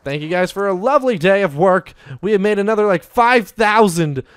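A chatty young man narrates his gameplay in an upbeat, casual way and keeps turning to his viewers. His voice sits a little high and sounds smooth and clear. The recording is close and dry, with no room sound at all. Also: animated, fairly quick, no echo. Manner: chatty, upbeat, talks to viewers as "you guys". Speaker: gaming YouTuber. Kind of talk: casual Let's Play commentary.

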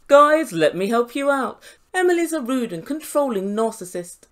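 A woman's voice: on the high side, sing-song, moderate pace. A woman recapping a reality show in a sarcastic, mocking way, laughing often. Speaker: YouTube reality TV reviewer.

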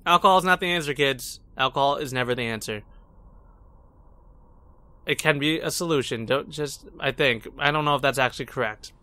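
A man's voice: medium pitch, moderate pace, pushed and bright. A young man giving casual, rambling let's play commentary, joking and talking back to the characters on screen. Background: game music.

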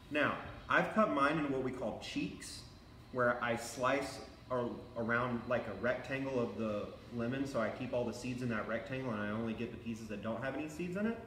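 A man's voice: mid-range voice, fairly bright tone, reverberant, a little hiss or hum, poor audio. A man teaching a live online cooking class for kids, upbeat and encouraging as he talks straight to the children.

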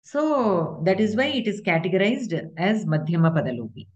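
A woman's voice: mid-range voice, big pitch swings, moderate pace, darkish tone, dull audio. A woman teaching Sanskrit grammar in an online class, explaining patiently step by step with examples.

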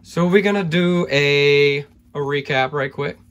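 Podekscytowany mężczyzna otwierający karty, lekko wyższy głos. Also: male voice, fairly high pitch, a little slow. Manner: excitable, hyped, thinks aloud. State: losing his voice. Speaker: card-opening YouTuber. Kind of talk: excited pack-opening vlog.

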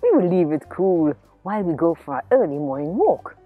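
A woman's voice: on the low side, very animated, normal speed, phone-quality sound, soft background music. Woman as a firm big father bear.

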